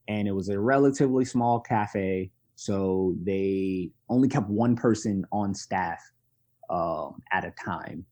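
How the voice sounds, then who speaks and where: New man, 20s, podcast guest, lowish voice, animated candid storyteller. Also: a little slow. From Brooklyn, New York. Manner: animated, candid, self-deprecating. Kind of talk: conversational storytelling.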